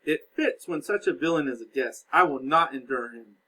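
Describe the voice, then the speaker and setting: A man's voice: a little high, expressive, moderate pace, sharp tone, low-quality recording. A man voicing a hot-tempered young nobleman who angrily threatens to fight. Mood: angry. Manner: angry, threatening.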